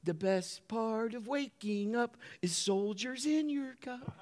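A man puts on a five-year-old boy, earnest and eager, in a storytelling joke. The voice jumps up well above his usual speaking pitch, light and bright. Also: very animated, moderate pace, a crowd in the background. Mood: proud. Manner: earnest, insistent.

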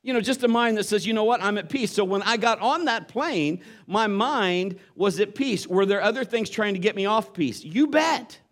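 A man's voice: high voice, animated, normal speed, few pauses, a bit bright. A man preaching a sermon, telling a story and acting out the voices of the people in it. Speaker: pastor.

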